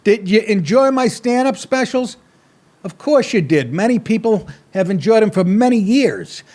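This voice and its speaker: A man's voice: high voice, lively intonation, normal speed, a little mellow. A middle-aged man hosting a comedy podcast, ranting in a crude, sarcastic, blunt way with constant swearing. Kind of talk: profane comedic rant.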